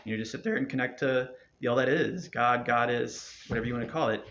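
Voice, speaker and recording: A meditation teacher with a fast, slightly bright mid-range male voice gives casual spoken instruction on a chanting practice. He talks loosely and encouragingly, with lots of fillers and restarts. The lo-fi recording sounds dull, with a little hiss or hum.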